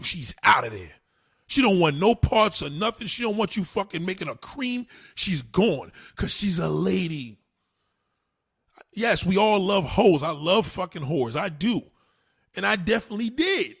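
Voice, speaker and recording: Husky, animated New man ranting. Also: high voice, normal speed. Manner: animated, crude, emphatic. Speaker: livestream host. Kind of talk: profane casual rant.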